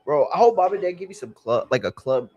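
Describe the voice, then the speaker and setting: Hosting a live watch-along stream, a man chats casually and tells rambling, slang-filled stories, saying "bro" a lot. His voice is a little high, darkish and expressive, with a quick pace, and the highs are cut off.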